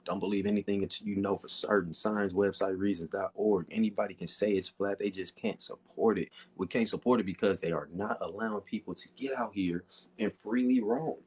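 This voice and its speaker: Laid-back slangy man, low voice. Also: fairly even intonation, brisk, darkish tone, husky. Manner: laid-back, slangy, constant "you feel me" fillers. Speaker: livestream host. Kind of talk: casual livestream chat reading comments.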